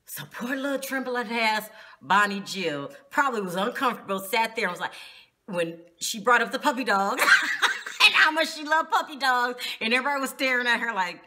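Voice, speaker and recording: A woman's voice: a little high, very animated, moderate pace, bright, forceful tone, slight background noise. A woman vlogger recapping a reality show in casual, gossipy talk with frequent laughter and slang.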